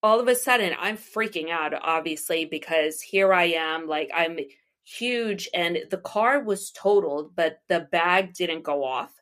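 A woman's voice: lowish voice, unhurried, a bit bright. A middle-aged woman from the United States, an astrologer and psychic medium, telling personal stories in a casual interview, rambling with restarts and laughs.

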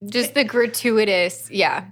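A woman's voice: mid-range voice, slow pace, a bit bright. A woman co-hosting a podcast who chimes in with wry, laughing reactions. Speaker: podcast co-host. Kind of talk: casual chat, reacting.

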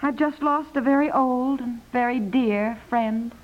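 A high-voiced, fussy young wife and mother, gentle and easily upset. 1950s radio acting on a dull, muffled old broadcast recording. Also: unhurried, over loud music. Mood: dismayed.

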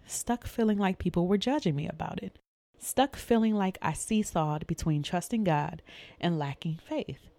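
Low, gravelly woman telling her story. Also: normal speed, dark tone, no echo. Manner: candid and vivid, reenacting her own panic. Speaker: storyteller sharing a personal testimony. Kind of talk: faith-based personal storytelling.

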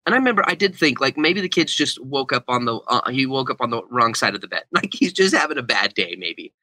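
Bright-voiced young man telling a story. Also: medium pitch, brisk, no echo, rough recording. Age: young adult. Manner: animated storyteller, acts out quotes. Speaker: guest speaker and author. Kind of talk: storytelling in an interview.

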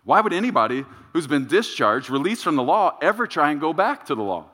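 A male pastor delivering a sermon, emphatic and repetitive, with dramatic pauses. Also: on the high side, big pitch swings, bright, forceful tone. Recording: reverberant church sanctuary.

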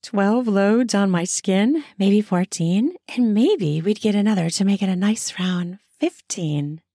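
Soft, intimate woman reading an erotic story. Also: mid-range voice, no room sound, studio quality. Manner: intimate, soft, drawn-out delivery. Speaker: narrator. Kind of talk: first-person erotic audio story reading.

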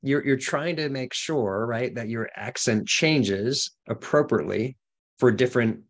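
A man's voice: medium pitch, unhurried. Male host from boston, easygoing interviewer, tosses in lots of "right?". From Boston area. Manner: conversational, asks leading questions. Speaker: podcast host. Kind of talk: interview chat.

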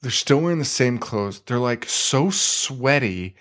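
A man co-hosting a podcast, casually retelling a film scene with excitement, swearing and laughing. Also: medium pitch, measured pace. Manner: excitable retelling, swearing, putting on silly voices. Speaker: podcast co-host. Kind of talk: casual film-review chat.

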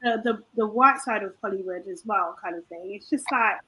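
A woman's voice: mid-range voice, brisk, pushed and bright, husky, poor audio. A woman chatting casually, with informal slangy phrasing as she backs up the point. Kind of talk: casual chat.

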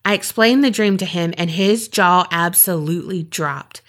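A woman's voice: lowish voice, moderate pace. Woman reading eerie listener stories. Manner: steady storytelling read with brief asides.

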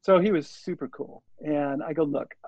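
A man in his sixties, an interview guest, telling a rambling, animated story and acting out the lines of the people in it. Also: fairly high pitch, moderate pace, no echo. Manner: rambling, animated, acts out quoted dialogue. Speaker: interview guest, surf filmmaker. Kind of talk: casual storytelling. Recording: dull lo-fi audio.

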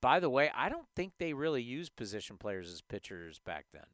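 A man hosting a sports talk show who rants hard and piles up rhetorical questions. His voice is bright and ringing with a lively swing in pitch. The sound is dry and close to the mic. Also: brisk, dry recording. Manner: emphatic, ranting, rhetorical.

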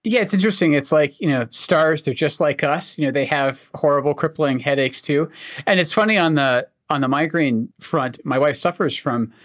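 A man's voice: fairly high pitch, normal speed, fairly bright tone. A man from Scotland with a light Scottish accent, a doctor co-hosting a podcast chat with dry, wry humor. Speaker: oncologist co-host.

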